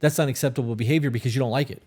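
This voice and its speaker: A man's voice: medium pitch, fairly even intonation, racing, a little mellow. A man co-hosting a podcast in casual chat, blunt and emphatic with heavy swearing. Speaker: podcast co-host.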